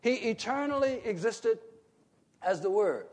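A preacher man with a very high voice delivers a sermon with strong emphasis. He puts questions to his listeners, and his voice climbs into forceful shouts on key points. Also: expressive, measured pace. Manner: asks the congregation questions and rises to emphatic shouts. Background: congregation calling out responses.

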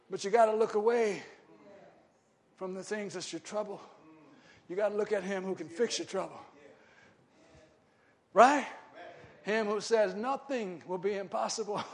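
High-voiced man preaching with call-and-response questions. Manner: keeps asking the congregation short questions; swings from loud shouting to quiet, low talk. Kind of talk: sermon.

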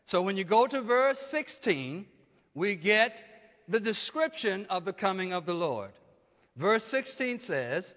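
Preacher guy, really high voice, keeps asking the crowd questions, muffled recording in a big echoey hall. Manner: call-and-response preaching, asks the congregation questions; rises to loud emphatic peaks. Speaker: pastor. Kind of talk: sermon. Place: church. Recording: dull lo-fi church hall recording.

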